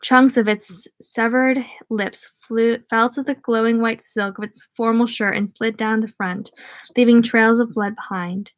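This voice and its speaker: Brief: young woman, slightly high voice, reading to a live chat with rambling asides. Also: fairly even intonation, unhurried, dry recording. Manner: chatty, scattered asides to viewers. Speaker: read-aloud streamer.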